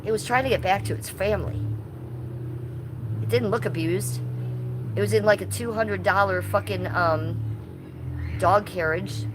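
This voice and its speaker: A woman's voice: mid-range voice, a little slow, long pauses, background noise. Blunt, ranting woman live streamer. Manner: blunt, profane, ranting, answers chat. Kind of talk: casual live-stream commentary.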